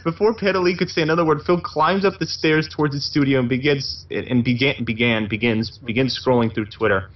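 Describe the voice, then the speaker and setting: A man's voice: medium pitch, brisk, few pauses. A man narrating a comedic parody story aloud, stumbling and correcting himself as he reads. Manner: reading aloud with slips and self-corrections. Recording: muffled lo-fi recording.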